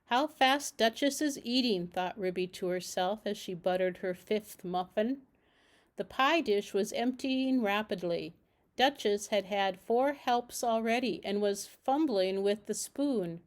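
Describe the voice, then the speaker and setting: A woman from a library reading a children's storybook aloud in a steady, measured way. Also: medium pitch.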